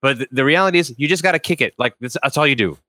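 A man's voice: mid-range voice, sharp tone, dry recording. A man co-hosting a sports podcast in casual chat, talking emphatically and swearing. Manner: fast, emphatic, profane. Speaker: podcast co-host.

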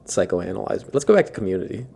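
A man with a raspy voice, a guest comedian in a casual podcast chat, speaking low and calm like a late-night radio host with the mic held close. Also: fast. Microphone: close handheld mic.

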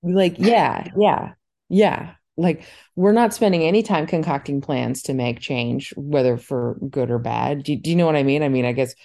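Woman, low pitch, mellow tone, rambling casual book chat, animated. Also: moderate pace, creaky. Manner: rambling, animated, lots of fillers. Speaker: podcast co-host.

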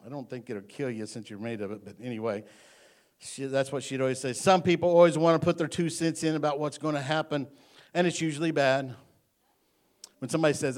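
A man's voice: medium pitch, steady tone, fairly quick. A male pastor preaching a sermon in church, folksy and joking, then building to emphatic repeated lines.

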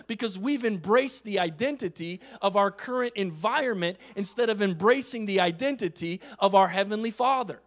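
A male pastor delivering a sermon, emphatic, repeating phrases and swinging between loud passages and quiet asides. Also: sits high. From United States.

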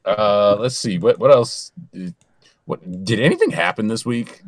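A man hosting a casual comedy podcast, talking in halting bursts and steering the chat. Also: on the low side, expressive, no room sound, clean studio sound. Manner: halting, lots of restarts and laughs. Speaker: podcast host.

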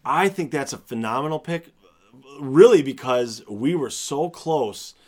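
A man's voice: medium pitch, a little slow. A man chatting casually and playfully about movie casting, with jokes and bursts of enthusiasm. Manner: animated, playful, jokey. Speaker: podcast co-host.

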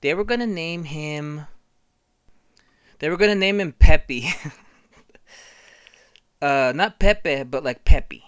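A comedian telling a rambling, profane improvised story in a deadpan way. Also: mid-range voice, slow pace, long pauses, smooth, no echo, studio quality.

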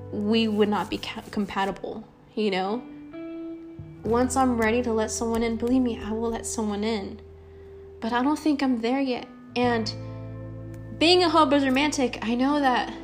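Young woman rambling on her podcast, earnest, lots of ums, faint music behind. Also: fairly high pitch. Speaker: podcast host. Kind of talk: casual solo podcast talk.

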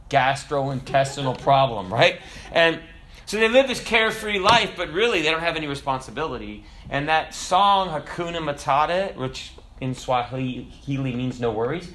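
A male pastor preaching a sermon in a conversational way, with joking asides, who builds to emphatic preaching. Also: fairly bright tone. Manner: rises to emphatic, higher-pitched preaching.

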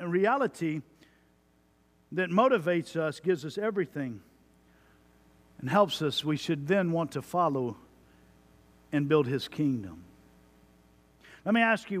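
A man in his forties from Texas preaching a sermon as pastor, animated, with lively asides about his own family. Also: a little high, slow, long pauses. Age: 40s. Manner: animated preaching, mimicking a parent's stock phrases.

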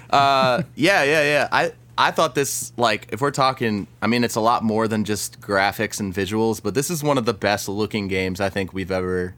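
A man co-hosting a casual gaming podcast, talking enthusiastically in halting bursts with frequent restarts. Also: fairly low pitch, a bit bright. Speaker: podcast co-host.

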